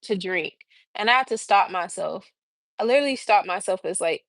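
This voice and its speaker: A woman in her thirties, a massage therapist, telling a story on a casual livestream with animated, exasperated, swearing talk. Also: medium pitch, moderate pace, no echo.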